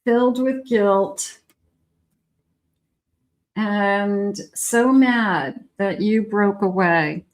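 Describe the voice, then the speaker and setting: A woman's voice: mid-range voice, drawn-out words, pauses often. A woman giving a collective tarot reading, talking chattily and directly to the viewer. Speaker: tarot reader.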